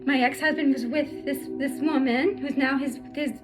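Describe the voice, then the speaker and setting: A middle-aged woman telling her life story through tears, halting and full of restarts. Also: sits high, steady tone, music in the background. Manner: halting, emotional, many restarts. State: tearful. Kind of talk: personal storytelling vlog.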